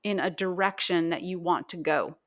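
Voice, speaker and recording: Woman hypnotherapist guest, calm, explains stuff step by step. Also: lowish voice, normal speed. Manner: calm, instructive, guiding. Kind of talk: casual conversation.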